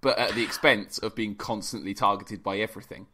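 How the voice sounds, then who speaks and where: Guy on a podcast, lowish voice, rambles, jokes at himself. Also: steady tone, fairly quick, pushed and bright. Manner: rambling, self-deprecating, jokey. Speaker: podcast guest. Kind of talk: casual chat.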